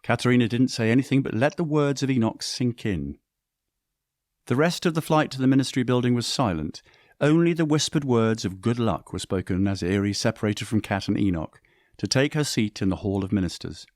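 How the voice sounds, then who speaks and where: A man reading scripted story narration in a descriptive, measured way. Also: mid-range voice, darkish tone, dry recording, clean studio sound.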